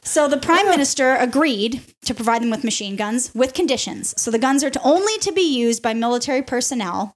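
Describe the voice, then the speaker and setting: Brief: podcast host, woman, casual storyteller, bright-ish higher pitch, playful. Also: a little fast, hardly any pauses. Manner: animated, laughs often, playful asides to co-hosts.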